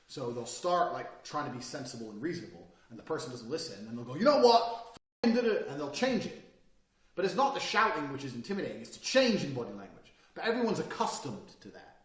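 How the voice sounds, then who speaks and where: A man giving a blunt, profane motivational talk, often dropping from loud to quiet. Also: medium pitch, sing-song, quick pace, roomy sound, recorded from a distance. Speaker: speaker giving advice.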